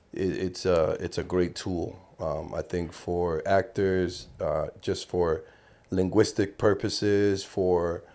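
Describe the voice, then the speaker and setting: A man with a Cuban Spanish accent and a lowish voice talks as a guest on a casual podcast. He swears freely and jumps into little acted-out bits to make his point, his delivery animated and expressive. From Cuba. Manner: animated, profane storyteller who acts out lines.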